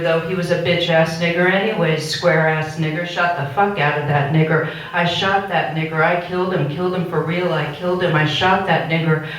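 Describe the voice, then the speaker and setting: Poet for a live gallery reading of found transcript text; recited, performance-style delivery, captured from a distance with strong room echo. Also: medium pitch. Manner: recites found speech and court record text aloud. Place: art gallery, indoors. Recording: very echoey room recorded from far off.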